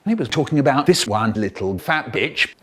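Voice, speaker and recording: A man narrating a comic first-person story in an animated, exaggerated way. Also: mid-range voice, a little fast, breathy edge.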